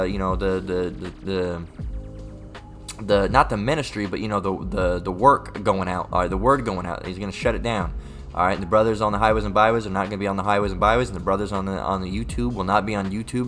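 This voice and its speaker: A man giving a casual livestream Bible lesson. He rambles, repeats words and keeps adding "all right?", and he reads scripture aloud slowly and deliberately. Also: lowish voice, a bit bright. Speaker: online scripture teacher.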